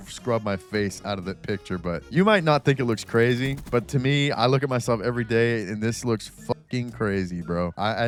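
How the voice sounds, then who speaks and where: A man in his twenties ranting casually over gameplay footage, rambling, frustrated and swearing often. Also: lowish voice. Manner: rambling, frustrated, swears a lot, self-critical. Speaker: gaming commentary vlogger.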